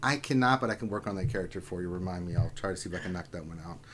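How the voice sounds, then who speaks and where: Talking very fast in a low-pitched voice, a livestream host runs a casual lunch-hour gaming stream, bantering with guests and excitedly reading viewer questions. There's slight background noise.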